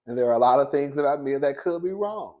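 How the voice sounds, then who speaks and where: A man giving casual, sassy commentary on a reality TV episode, chatty and quick to laugh. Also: mid-range voice, mellow. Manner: sassy, chatty, laughs often, calls viewers "girl" and "baby". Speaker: reality TV reviewer.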